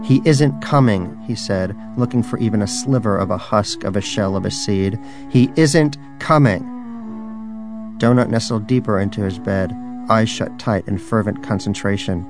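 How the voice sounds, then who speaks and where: A man's voice: lowish voice, steady tone, moderate pace, over music. A man narrating a story in a dry, wry way. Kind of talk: scripted narration.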